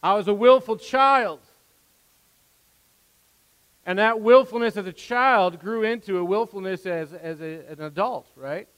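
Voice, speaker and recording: His high-pitched voice is clear, resonant, and a bit bright as he preaches at a measured pace, pausing often. The pastor speaks earnestly and conversationally from the pulpit of a church sanctuary, with rising emphasis and asides, and the recording has a long hall reverb.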